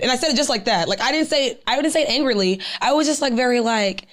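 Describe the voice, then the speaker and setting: A young woman co-hosting a podcast, telling a story in casual chat, animated and profane, full of "like" and "I'm like.". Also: a little high, rapid-fire. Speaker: podcast co-host.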